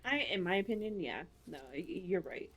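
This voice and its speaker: A woman's voice: lowish voice, sing-song, moderate pace, vocal fry, a bit bright. A woman co-hosting a casual podcast chat, telling stories bluntly with plenty of swearing. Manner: blunt, profane, rambling storyteller. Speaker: podcast co-host.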